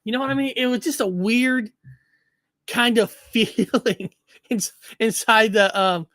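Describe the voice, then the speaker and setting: A man's voice: very high voice, measured pace, sharp tone, no echo. A man in casual podcast chat, rambling with lots of repeated words and frequent laughs.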